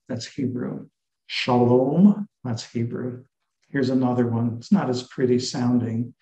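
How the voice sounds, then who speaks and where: A man giving an earnest, teacherly church talk to married couples, slowing down to stress key words. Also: medium pitch, warm tone, lo-fi sound. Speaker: lecturer on marriage and scripture. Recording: echoey hall.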